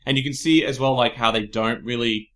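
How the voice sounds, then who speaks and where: Schnell redender australischer Mann. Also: male voice, medium pitch, steady tone, brisk, fairly bright tone. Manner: rambling, searches for words and restarts. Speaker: podcast co-host. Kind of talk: casual recap chat.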